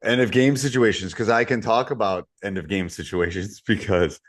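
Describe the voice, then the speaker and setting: A man with a very low voice talks through youth basketball coaching as a podcast co-host. His delivery is relaxed and story-driven, often dropping quieter for asides. The recording is dry and close. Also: normal speed, dry recording. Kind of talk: casual podcast chat.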